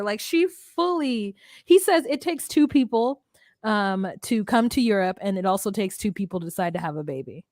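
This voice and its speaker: A woman co-hosting a casual reality TV recap chat, animated and laughing as she acts out the cast's lines. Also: mid-range voice, normal speed, no echo, clean studio sound. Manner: animated, laughing, acting out cast members' lines. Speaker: podcast co-host.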